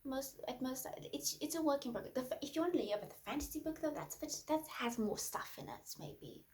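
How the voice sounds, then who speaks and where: A woman improvising a rambling author with a criminal past, deadpan and then menacing. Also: high voice, brisk. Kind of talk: improvised comedy.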